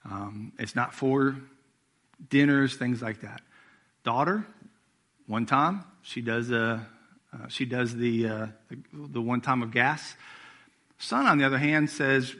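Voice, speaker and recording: A man's voice: mid-range voice, steady tone, slow, long pauses, pushed and bright. A middle-aged man preaching a sermon as executive pastor, telling family stories in a casual, conversational way. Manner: storytelling with acted-out quotes, conversational.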